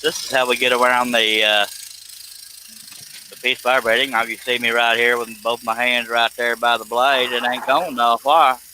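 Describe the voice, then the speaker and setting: Joking man with a bright voice. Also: mid-range voice, level tone, moderate pace, slight background noise, rough recording. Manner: joking, laughs often, thanks viewers by name. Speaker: live stream host. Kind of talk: casual live stream chat while woodworking.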